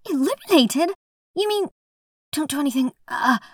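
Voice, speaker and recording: A woman voicing a nervous young male student whose voice squeaks and trails off, in an audiobook. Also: very animated, fairly quick, a bit bright, no echo, studio quality.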